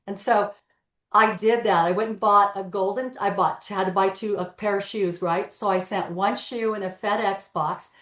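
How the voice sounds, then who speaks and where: A woman's voice: medium pitch, normal speed, echoey room. A woman telling stories in an interview, acting out the dialogue as she goes. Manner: animated storyteller, acts out dialogue. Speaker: guest, real estate broker. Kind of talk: storytelling interview.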